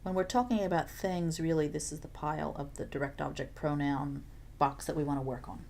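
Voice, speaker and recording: A woman Spanish teacher explaining grammar step by step in a recorded video lesson, patient and clear with playful asides. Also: low voice, fairly even intonation, a little fast, darkish tone, a little hiss or hum.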